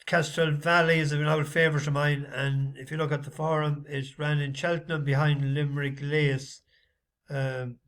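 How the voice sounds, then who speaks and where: A man talks through his racing tips in a loose, casual vlog. He rambles and stops often to fill gaps with halting ums and uhs. His voice sits a little higher than most men's. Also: a bit bright. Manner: rambling, halting, many fillers. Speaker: horse racing tipster.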